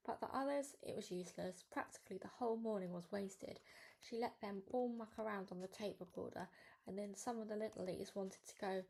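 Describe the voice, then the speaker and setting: A woman reads a children's novel aloud, narrating in a lively, cheeky first-person voice. Her tone has a gravelly edge, at a middle pitch, with faint noise in the background. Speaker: storybook reader.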